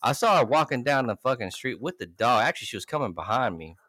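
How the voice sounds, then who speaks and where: Male podcast co-host, bright and animated, laughs a lot, dry close mic. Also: mid-range voice, fast talker, no echo. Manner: animated, laughing, loud quoting bursts. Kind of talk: casual profane storytelling.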